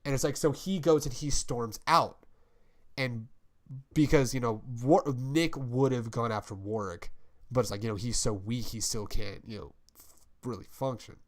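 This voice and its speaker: A young adult man in casual chat, rambling and swearing as he pitches a story and acts out its quotes. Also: moderate pace. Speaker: podcast co-host.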